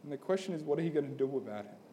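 Higher-voiced man preaching casually. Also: expressive, rapid-fire, dark tone, slight background noise. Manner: casual and storytelling, peppered with "like" and "man"; builds to an urgent appeal. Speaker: pastor. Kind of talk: conversational sermon.

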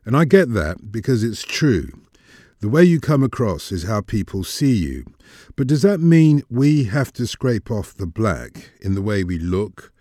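A man's voice: fairly low pitch, mellow, dry recording, clean studio sound. A man hosting a podcast, narrating in rhythmic, rhyming spoken word. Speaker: podcast host.

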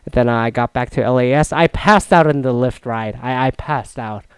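A young man casually recounting a solo trip, rambling and swearing, with loud mock-outraged outbursts. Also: mid-range voice, moderate pace, smooth, no room sound. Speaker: vlogger recapping a solo trip. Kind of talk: casual profane storytelling.

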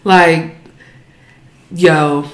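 A woman co-hosting a podcast, talking in blunt, animated casual chat with plenty of cursing. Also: low-pitched, extremely slow. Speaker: podcast co-host. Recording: roomy echo.

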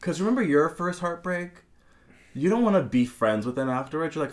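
A man in casual podcast chat about a film, animated and profane, acting out characters' lines as he retells scenes. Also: medium pitch, brisk.

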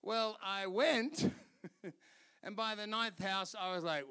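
A man with an Australian accent, a pastor preaching a sermon in an animated, conversational way, telling a personal story and urging listeners on. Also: sits high, takes it slowly, smooth. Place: church service.

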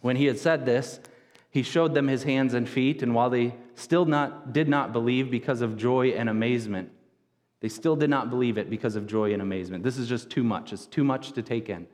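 A man's voice: mid-range voice, brisk, darkish tone. A man in his thirties preaching a sermon in a conversational, casual way, often repeating words as he goes. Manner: conversational, casual wording, frequent word repeats. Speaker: pastor. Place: church sanctuary. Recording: long reverb of a church hall.

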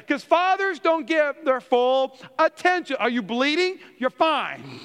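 A man's voice: very high-pitched, normal speed, clean tone, long reverb tail. A middle-aged man, a pastor, preaching a sermon in a church, telling funny family stories and acting out the quotes in them. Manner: animated storyteller, acts out quotes.

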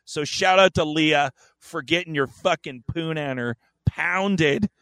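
A man's voice: a little high, slow, fairly bright tone, dry recording. A man co-hosting a podcast, telling a story in a rambling, profane, joking way. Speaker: podcast co-host. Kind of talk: casual chat.

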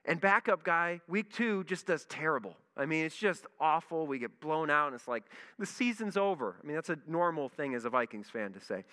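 A man, a pastor, telling a lively story in a sermon and acting out his own reactions. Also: a little high, fairly quick, few pauses. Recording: long reverb in a large hall.

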